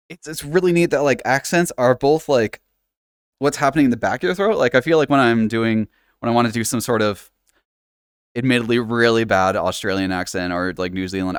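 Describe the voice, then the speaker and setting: A man's voice: mid-range voice, smooth, dry recording, studio quality. A man chatting casually on a live stream in virtual reality, rambling with lots of fillers and restarts, laughing often and swearing casually. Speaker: livestreamer. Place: home setup playing in virtual reality.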